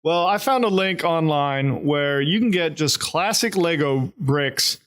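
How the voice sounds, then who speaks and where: A man's voice: fairly high pitch, lively intonation, a little slow, a bit bright. A man with a Texan accent, co-hosting a podcast in easygoing, chatty casual talk that trails off with fillers. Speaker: podcast co-host. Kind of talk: casual chat.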